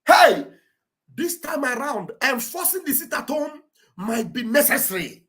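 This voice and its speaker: A woman hosts an online show, giving impassioned commentary in a bright, forceful voice. She talks fervently and repetitively, often breaking into shouts. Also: high-pitched, big pitch swings, moderate pace.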